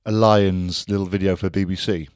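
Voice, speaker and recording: A man's voice: low voice, flat delivery, brisk, a little mellow, clean tone, dry recording, clean studio sound. A man co-hosting a podcast, chatting in a laid-back, teasing way. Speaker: podcast co-host. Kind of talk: casual chat.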